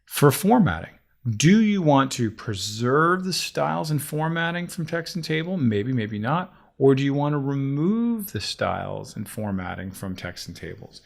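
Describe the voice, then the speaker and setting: A man walks through a software tutorial as he works, chatty and animated and thinking out loud. His pitch jumps around a lot, and his voice has a gravelly texture. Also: measured pace. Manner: chatty and animated, talks himself through each step. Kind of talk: screen-recorded software tutorial.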